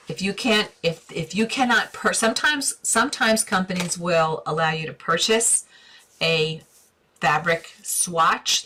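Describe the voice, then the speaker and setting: A woman's voice: sits low, pushed and bright. A middle-aged woman hosting a live interior design stream, answering viewer questions in a chatty, direct way and using endearments.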